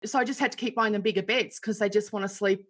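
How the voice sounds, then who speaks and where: A woman's voice: medium pitch, steady tone, fast, breathy edge. A woman in casual chat, sympathetic and easygoing.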